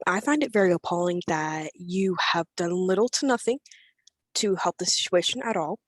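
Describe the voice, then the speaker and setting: A woman's voice: on the low side, animated, moderate pace, no room sound, clean studio sound. A teenage girl from Florida, giving angry, confrontational public comment over a remote video call and speaking bluntly with some swearing. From Florida, USA. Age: teens. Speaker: public commenter at a school board meeting.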